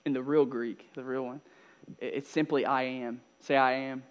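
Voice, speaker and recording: A man pastor delivering a sermon, moving between loud emphatic passages and soft, hushed asides. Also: mid-range voice, fairly even intonation, normal speed, clear, resonant tone, lo-fi sound. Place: church.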